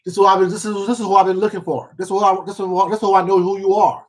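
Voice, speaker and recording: A man's voice: sits high, flat delivery, racing. A man from Washington State on a late-night eating livestream, talking bluntly and with lots of swearing. He repeats himself for emphasis and greets viewers by name. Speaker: mukbang YouTuber. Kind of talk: casual live-stream rant while eating.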